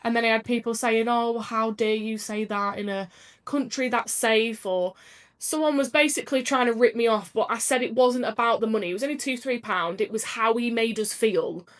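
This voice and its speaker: A woman's voice: fairly high pitch, normal speed. A woman talking candidly as a podcast guest, chatty and emotional, often laughing. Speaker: podcast guest, business owner. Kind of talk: candid casual chat.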